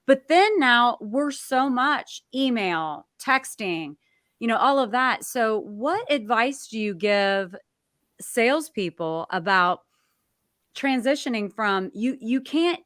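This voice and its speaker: A woman's voice: on the high side, lively intonation, slow pace, fairly bright tone, dry recording. Casting note: friendly female show host, dry close sound, loose conversational questions. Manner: chatty, restarts questions, laughs easily. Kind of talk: interview host chat.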